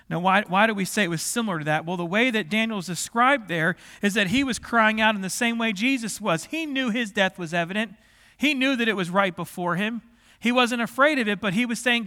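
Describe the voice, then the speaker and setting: A man's voice: sits high, pushed and bright. A male pastor preaching a sermon in a church, moving from easy conversational talk to impassioned pleading. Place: church sanctuary. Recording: long hall reverb.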